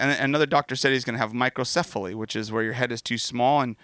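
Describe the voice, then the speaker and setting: A middle-aged man preaching, his voice bright and forward. The sound is dry and close, with almost no room around him. He talks earnestly and candidly, weaving a personal story into his sermon. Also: mid-range voice, fairly even intonation, fast talker, clean tone, no echo. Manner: earnest, candid, storytelling with self-deprecating asides. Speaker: pastor.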